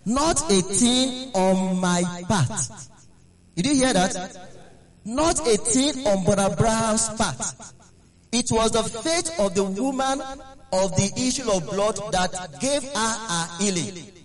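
Slow, lively-pitched male preacher. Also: a crowd in the background. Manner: halting, repeats phrases for emphasis. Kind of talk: sermon.

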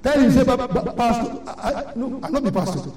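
Older nigerian lady preaching, mellow deep-ish tone, scolding and repeating herself, big echoey church heard from afar. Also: expressive, brisk. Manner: emphatic, repetitive, scolding. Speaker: church elder. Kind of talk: sermon exhortation. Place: large church hall. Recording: echoey church hall from far off.

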